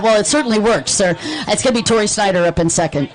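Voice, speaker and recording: A man's voice: high-pitched, animated, brisk, rough recording. A man from Texas doing live race commentary with playful, chatty banter.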